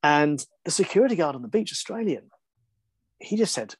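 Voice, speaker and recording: A man, a broadcaster and interview guest, tells a story in a lively, self-deprecating way and laughs often. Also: fairly high pitch, normal speed, husky, no echo.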